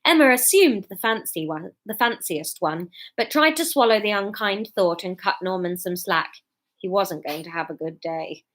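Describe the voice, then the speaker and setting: A woman's voice: mid-range voice, fairly bright tone. A woman reading her serialized story aloud, chatty and prone to jokey, sweary asides. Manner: chatty, swears, breaks off to laugh and joke.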